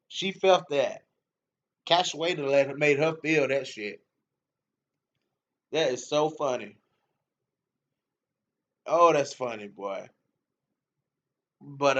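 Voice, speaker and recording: A man's voice: medium pitch, fairly bright tone. A man hosting a casual fight-talk livestream, reading comments, slangy and laughing often, repeating himself. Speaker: MMA show host reading live comments. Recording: dull lo-fi stream audio.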